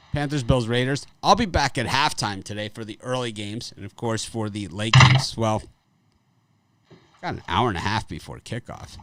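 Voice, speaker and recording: A man's voice: lowish voice, a bit bright. A man hosting a live sports betting show, talking bluntly and casually with frequent restarts and some swearing. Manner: blunt, profane, rambling with restarts.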